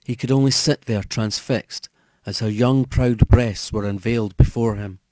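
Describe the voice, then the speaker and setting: A man narrating a horror audiobook with measured, steady storytelling. His tone is mellow and warm, recorded close and dry with no room sound. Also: medium pitch, no room sound. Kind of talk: scripted narration.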